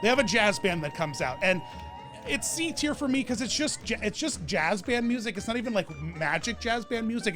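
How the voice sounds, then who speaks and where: Gushing high-voiced man. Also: expressive, a little fast, a bit bright, soft background music. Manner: gushing, enthusiastic, rambling. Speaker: theme park vlogger. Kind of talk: casual ranking commentary.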